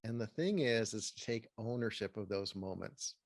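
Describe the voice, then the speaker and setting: A man, a therapist and author, giving earnest, measured advice as an interview guest. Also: on the low side, lively intonation, no room sound. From Pasadena, California.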